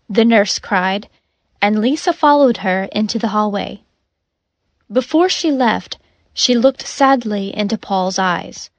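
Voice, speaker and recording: A woman narrating a story in a measured, even audiobook reading. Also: mid-range voice, no room sound. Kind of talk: slow, clear audiobook narration.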